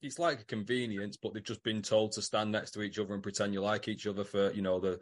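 A man's voice: lowish voice, steady tone, fast. A man co-hosting a podcast, chatting casually with teasing jokes. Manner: teasing, joking banter. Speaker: podcast co-host. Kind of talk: casual chat.

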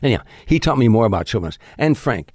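An older man, a comedian guest in an interview, telling animated anecdotes and often restarting his sentences. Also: medium pitch, rapid-fire, no room sound, clean studio sound. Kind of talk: storytelling in an interview.

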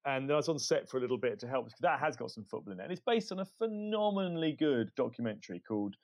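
A man who writes comedy, a podcast guest telling stories in casual chat, animated and full of quick restarts. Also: mid-range voice.

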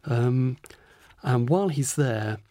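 A man's voice: medium pitch, takes it slowly, dark tone, no echo. A man, an author interviewed as a guest, talking thoughtfully with many hesitations. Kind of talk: podcast interview.

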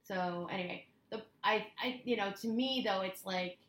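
A woman's voice: medium pitch, moderate pace, fairly bright tone, roomy sound, slight background noise, poor audio. A woman co-hosting a podcast, talking in an opinionated casual way with many "like"s. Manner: opinionated, lots of "like". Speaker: podcast co-host. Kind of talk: casual chat.

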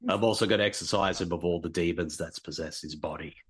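A man's voice: sits low, steady tone, quick pace, breathy edge. A man doing a goofy impression of a famous Australian actor, bragging in a mock Australian accent. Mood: boastful. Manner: boastful, goofy bravado.

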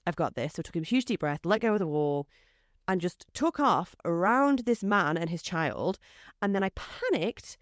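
Woman guest, lowish voice, dry studio sound, rambling filler-heavy storyteller. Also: lively intonation, normal speed, no echo. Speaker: podcast guest, host's wife. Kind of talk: casual chat. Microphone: studio microphone.

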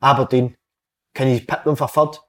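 A man's voice: medium pitch, flat delivery, normal speed. A Scottish man co-hosting a football podcast, firing questions at his guest amid banter. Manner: asks lots of questions, banter. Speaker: podcast co-host. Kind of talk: casual football chat.

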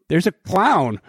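A man co-hosting a casual podcast, telling stories in an animated, profane way. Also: high voice, slightly rough, no room sound, clean studio sound.

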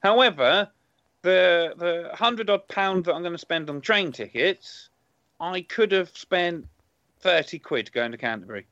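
A comedian chats playfully on a podcast, teasing the others. His voice is fairly high and bounces around a lot. The sound is dry and a bit dull, with a lo-fi quality. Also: expressive, a little slow, fairly bright tone, no echo. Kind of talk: casual comedy chat.

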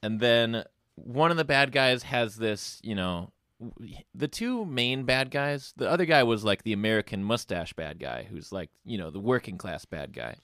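A man with a lowish voice chats casually on a podcast, walking through a movie's plot. He slips into the characters' lines as he tells it. The recording is dry, with no room sound. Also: animated, normal speed, hardly any pauses, a bit bright, no room sound. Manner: retells the plot, acting out quoted lines. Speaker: podcast co-host. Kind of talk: casual movie recap chat.

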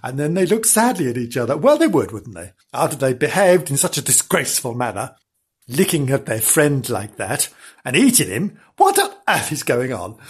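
A woman's voice: very deep voice, very animated, moderate pace, slightly rough. A woman reading a children's story aloud. She gives sardonic, exasperated asides to her own characters.

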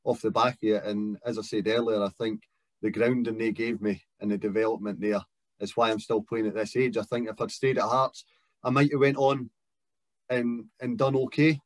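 A man's voice: fairly low pitch, little pitch movement, moderate pace, dry recording. A Scottish man in his thirties, a guest footballer talking in a casual chat, reflective and careful with many fillers. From Scotland.

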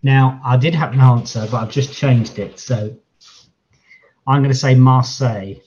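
A man's voice: medium pitch, steady tone, moderate pace, darkish tone, lo-fi sound, a little hiss or hum. A man co-hosting a podcast quiz, teasing his friend in a dry manner during casual banter. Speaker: podcast co-host.

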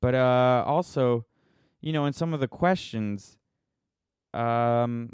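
A man's voice: mid-range voice, slow pace, long pauses, a little mellow, clear, resonant tone, no echo, studio quality. A man ranting casually to his viewers, sarcastic and rambling, poking fun at himself. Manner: sarcastic, rambling, self-mocking. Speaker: vlogger. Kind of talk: casual opinion rant.

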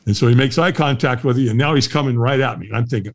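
A middle-aged man, a guest on a podcast, telling a story in a lively way and laughing often. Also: medium pitch, fast, creaky. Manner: lively, laughs often, acts out the voices of others. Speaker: guest, firewalk instructor. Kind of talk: animated storytelling in a podcast interview.

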